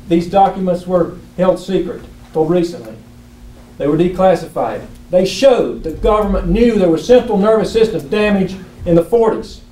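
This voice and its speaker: A man's voice: high voice, mellow. A man giving an impassioned public comment at a town council meeting, telling a story with earnest, building urgency. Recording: echoey council chamber, mic at a distance, faint hum.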